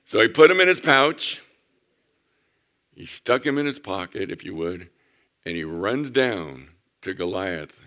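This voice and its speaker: A man preaching, a pastor telling a lively story to children in church and asking them questions. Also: deep voice, unhurried, pauses often. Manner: animated storyteller, asks the kids questions.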